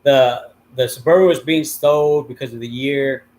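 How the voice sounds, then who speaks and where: A man's voice: mid-range voice, steady tone, moderate pace, darkish tone. A middle-aged man telling a long story in a casual, rambling way, swearing freely and filling gaps with many ums and uhs. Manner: profane, rambling with many fillers. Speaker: livestream host.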